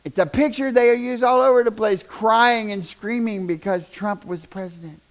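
A high-voiced male preacher delivers a fiery sermon. He swings from loud shouting down to hushed near-whispers, folksy and full of repeated questions to the congregation. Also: normal speed. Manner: folksy, repeats "do you understand".

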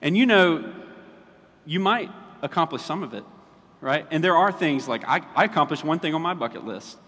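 A man's voice: fairly high pitch, animated, normal speed, bright, forceful tone. A man preaching a casual sermon as pastor, chatty and checking in with his listeners often. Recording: long reverb of a large hall.

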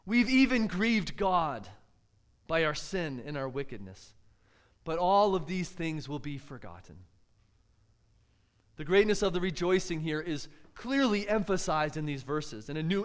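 A man with a fairly high voice delivers a sermon as a preacher. He talks earnestly and often turns to his listeners with rhetorical questions.

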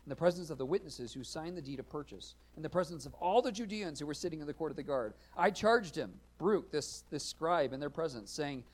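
A male pastor preaching a sermon, earnest and explanatory, rising to loud emphatic readings of scripture. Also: a little high, quick pace, hardly any pauses.

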